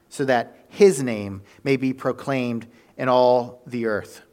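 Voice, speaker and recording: Male preacher, mid-pitch, animated storyteller, casual sermon delivery. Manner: animated storytelling with fillers and self-corrections.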